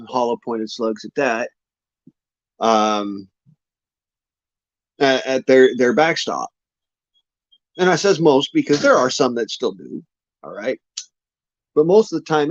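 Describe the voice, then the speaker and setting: A man's voice: medium pitch, no echo. A man rambling casually on his vlog in a folksy, drawling way, often swearing. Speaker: vlogger. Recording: muffled lo-fi dry sound.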